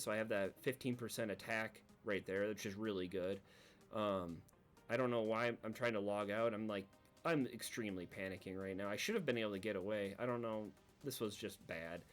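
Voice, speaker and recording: A man giving casual, rambling commentary over his own gameplay video, laughing at his own panic and acting out quick asides. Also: medium pitch. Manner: rambling, self-deprecating, recounts panic with quoted asides. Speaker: gaming video creator.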